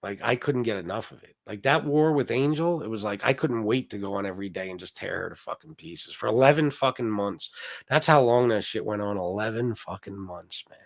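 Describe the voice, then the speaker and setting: A man's voice: fairly low pitch, a little fast, gravelly, no echo, clean studio sound. A middle-aged man hosting a livestream, telling brash, profane stories and answering his chat. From Sicilian heritage. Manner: brash, profane storytelling, reads chat aloud. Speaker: livestream host.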